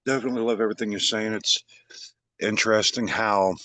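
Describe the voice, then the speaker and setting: Excitable middle-aged male host, dry sound. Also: fairly low pitch, fairly quick, no echo. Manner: animated, rambling, excitable. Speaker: podcast host. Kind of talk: casual conversation.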